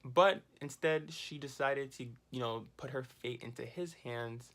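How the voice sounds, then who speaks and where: This is a man talking straight to his viewers in a casual, chatty recap of a reality show. He is animated and exclaiming, and he laughs at the drama he describes. His pitch sits in the middle of the range for a man. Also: unhurried. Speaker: TV recap vlogger. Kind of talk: casual commentary.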